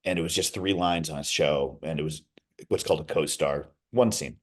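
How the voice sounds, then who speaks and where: A middle-aged man, an actor being interviewed, telling stories in a lively, rambling way with many restarts and asides. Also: extremely low pitch, moderate pace. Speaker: actor, guest. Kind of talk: casual interview storytelling.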